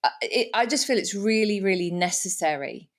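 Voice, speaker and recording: A woman's voice: medium pitch, expressive, moderate pace. A middle-aged woman hosting a podcast, talking candidly and reflectively, with frequent restarts. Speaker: podcast host. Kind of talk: casual conversation.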